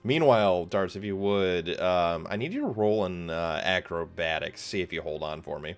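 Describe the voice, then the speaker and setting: A man narrating as game master of a tabletop game, halting, with many pauses and fillers. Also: sits low, animated, clear, resonant tone, soft background music.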